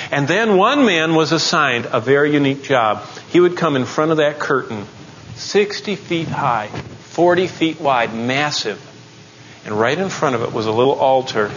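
A man teaching the Bible in a sermon style, telling the story dramatically and rising into excited outbursts. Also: on the high side, highs cut off, a little hiss or hum.

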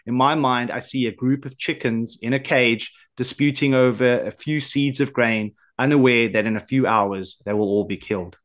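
A man's voice: mid-range voice, normal speed, few pauses, fairly bright tone. A man with a South African accent, hosting a podcast in casual conversation. He talks in a thoughtful, reflective way. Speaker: podcast host.

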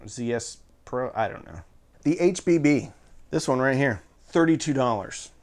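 A mid-pitched man talks through a budget gear review in a casual, chatty way. He is offhand and throws in jokey asides as he goes.

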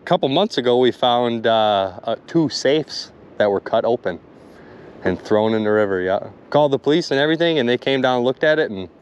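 A man commenting excitedly to his viewers while magnet fishing outdoors by a river. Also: medium pitch, a little fast, dull audio, slight background noise. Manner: excitable, addresses viewers as "you guys".

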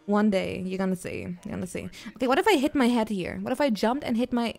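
A young woman livestreaming a VR game in casual chatter, excitable and swearing, with frequent giggles and shrieks. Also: mid-range voice, fast, vocal fry, soft background music. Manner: giggly, jokey rambling. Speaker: streamer. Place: at home, playing in VR.

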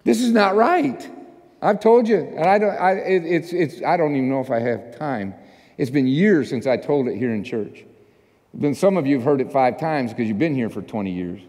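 A man pastor telling a story in a sermon, animated and self-mocking, acting out the people in it. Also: mid-range voice, normal speed. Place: church sanctuary. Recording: long church hall reverb.

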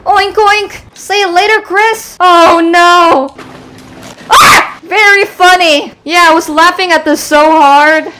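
A young woman gamer talks slowly with few pauses in a very high voice of fairly even intonation, with a little hiss or hum present. She screams at horror-game scares and jokes at the monsters, her voice over loud game music.

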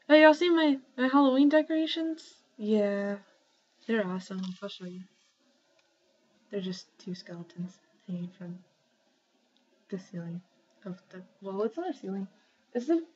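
A young woman at home talking casually to her camera in a rambling shoutout vlog, full of ums and likes. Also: mid-range voice, a little hiss or hum. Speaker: vlogger. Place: home, indoors. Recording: slightly dull lo-fi webcam audio.

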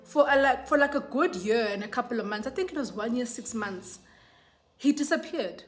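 A woman's voice: on the high side, expressive, normal speed, soft background music. Chatty South African woman, code-switching. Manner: chatty, switches between English and isiZulu, keeps saying "yabo". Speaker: YouTuber. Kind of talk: casual storytime.

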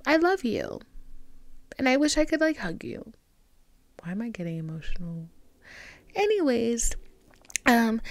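A woman's voice: fairly high pitch, no room sound. Candid woman rambling on her podcast. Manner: rambling and confessional, heavy on "like". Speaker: podcast host. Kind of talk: candid solo podcast monologue.

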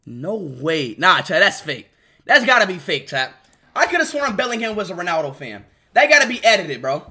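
A young man livestreaming and reacting to clips in a loud, excitable way, yelling at his chat. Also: high-pitched, normal speed, husky. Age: young adult. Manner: loud excitable streamer, yells and swings to hushed mumbling.

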